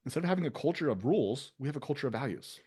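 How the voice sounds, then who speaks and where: A man's voice: medium pitch, expressive, racing, a little mellow, husky. A man hosting a casual business talk, loose and conversational, with many fillers. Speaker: business owner and show host.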